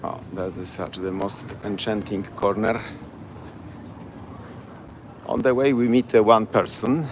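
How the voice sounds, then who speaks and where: A Polish-accented man talks his way down city streets as a tour guide, in halting, chatty English. His voice sits low, and traffic and street sounds hum clearly behind him. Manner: chatty, broken English, repeats place names. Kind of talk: live-streamed walking tour. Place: outdoors on city streets at night.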